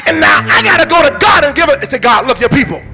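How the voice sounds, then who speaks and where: A man preaching as a pastor, shouting and singing out phrases and acting out the voices of the people in his text. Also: extremely high pitch, sing-song, quick pace, gravelly, music in the background. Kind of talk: sermon.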